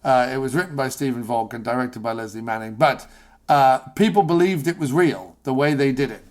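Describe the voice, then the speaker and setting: A man's voice: mid-range voice, a little fast. A British man hosting a podcast, chatting casually in a rambling, sardonic, jokey way. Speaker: podcast host. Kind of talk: casual chat.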